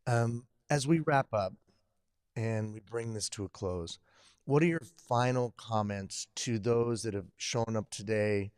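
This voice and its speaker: A man hosting a live webcast, sometimes halting with fillers, upbeat when addressing viewers. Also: fairly low pitch, a little mellow, clear, resonant tone, no echo, clean studio sound. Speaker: host.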